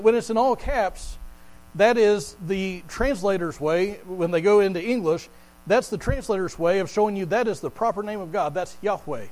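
Man, pastor, high-pitched voice, conversational sermon, repeats words, slow emphatic scripture quotes, faint mains hum. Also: darkish tone, low-quality recording.

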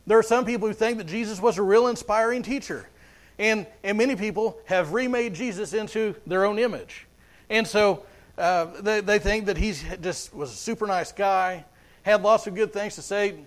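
A man's voice: sits high, normal speed. A man preaching a sermon as pastor, earnest, often repeating words as he goes.

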